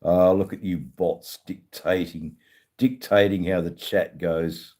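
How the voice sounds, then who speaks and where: A man's voice: sits low, fairly even intonation, slow pace, darkish tone. A man in his fifties with an Australian accent, chatting casually on a live stream, reading out viewer comments with plenty of slang, swearing and ums. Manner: laid-back, swears freely, many ums, uses Aussie slang.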